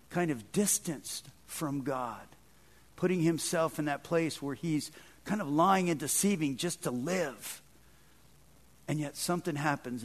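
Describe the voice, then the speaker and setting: A man preaching a sermon as pastor, in a conversational way that swings between loud emphatic stretches and soft low passages. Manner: conversational, with frequent "man" and "kind of".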